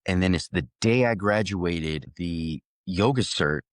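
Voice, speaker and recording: Low-voiced man telling an animated story. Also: unhurried, no room sound, studio quality. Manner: animated, laughs often, many restarts. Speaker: actor guest. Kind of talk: casual storytelling.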